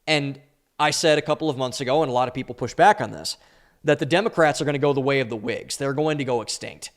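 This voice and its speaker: A man's voice: mid-range voice, quick pace. A young man giving a solo commentary monologue as host of his podcast, speaking emphatically, drawing out stressed words with an opinionated energy. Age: young adult.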